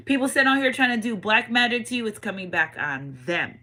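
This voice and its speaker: A woman giving a casual spiritual tarot reading, animated and repeating catchphrases, swinging between loud and hushed. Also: a little high, a little fast, poor audio. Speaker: tarot reader.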